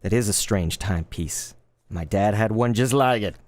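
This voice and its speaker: A man in his thirties chatting casually while opening trading cards live, laid-back and quick to get excited. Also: on the low side. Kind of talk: live card-opening stream chat.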